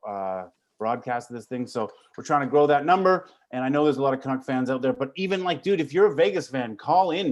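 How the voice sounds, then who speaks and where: Profane joking male sports stream host. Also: medium pitch. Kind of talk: casual sports talk stream. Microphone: video call.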